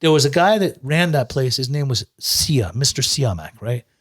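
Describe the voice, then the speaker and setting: A recovery coach telling his story as a guest, in a profane, animated, streetwise way. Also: medium pitch, normal speed. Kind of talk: casual storytelling.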